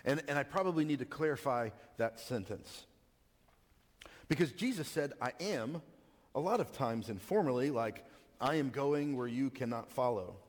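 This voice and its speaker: A man's voice: medium pitch, lively intonation, moderate pace. A man from Texas, preaching a casual teaching sermon and asking the congregation questions. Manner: conversational teaching, asks the audience questions, frequent restarts. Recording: reverberant hall.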